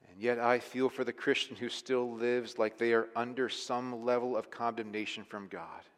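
A man preaching a sermon as pastor, emphatic, moving between hushed and forceful delivery. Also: medium pitch, fairly even intonation, moderate pace. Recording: long hall reverb.

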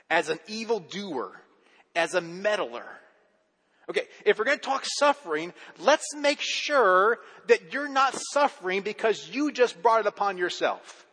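A man's voice: high voice, sharp tone, breathy edge, in a large hall. A man preaching a sermon as a pastor, talking conversationally with rhetorical questions and restarting words when he gets going.

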